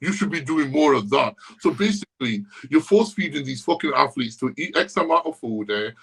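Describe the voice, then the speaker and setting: A husky-voiced man on a casual podcast, ranting about the gym with a string of curses. His voice sits at an ordinary middle pitch, rough and a little breathy. He tells stories fast and bluntly. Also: animated, a bit bright, low-quality recording. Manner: profane, ranting storyteller. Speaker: podcast guest.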